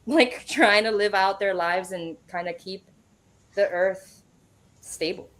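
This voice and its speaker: A woman guest, a medium, telling a personal story in a casual interview, animated and sprinkled with swearing. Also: mid-range voice, slow pace.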